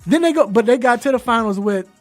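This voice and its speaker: A man hosting a casual sports talk show, animated and laughing, with loose slangy banter. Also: extremely high pitch, fast talker, soft background music. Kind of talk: casual sports commentary chat.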